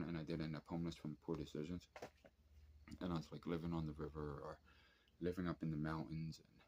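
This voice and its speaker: Low-voiced man rambling and swearing. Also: slightly rough. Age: 30s. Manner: rambling, profane storytelling with many fillers. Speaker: vlogger. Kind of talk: casual late-night rant. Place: at home at night, drinking and smoking.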